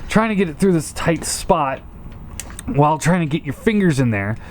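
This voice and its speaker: A man's voice: a little high, very animated, moderate pace, slight background noise. A man giving a casual hands-on toy review, frustrated and swearing, often stammering and repeating himself.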